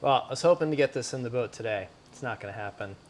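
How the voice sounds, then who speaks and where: A man hosting a boatbuilding vlog, talking through the next steps of a job in a relaxed, methodical way. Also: medium pitch, fast, slight background noise. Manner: relaxed, methodical step-by-step talk. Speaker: boatbuilder host. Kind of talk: casual workshop explanation. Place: boat workshop.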